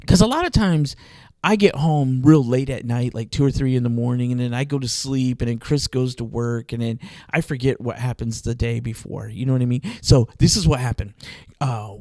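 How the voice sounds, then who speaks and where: Animated man telling a story. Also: mid-range voice, normal speed, hardly any pauses, no room sound. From Arizona, US. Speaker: podcast host. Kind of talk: casual storytelling chat.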